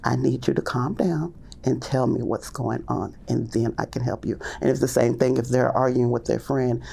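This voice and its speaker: A woman teacher with a gravelly, heavily creaking voice and a dark, mellow tone. She tells her classroom stories in a rambling, casual way, full of fillers, and slips into hushed or lifted voices to act out what she and the little ones say. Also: fairly even intonation, normal speed. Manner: acts out classroom talk in hushed and high voices; loose, rambling with many fillers. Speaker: early childhood teacher. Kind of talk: casual storytelling in a podcast interview.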